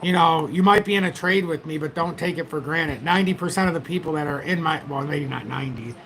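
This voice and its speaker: A man with a slightly high, fairly bright voice talks fast while hosting a casual crypto livestream of market commentary. He rambles and chats straight to his viewers through a tablet's built-in mic, with slight background noise.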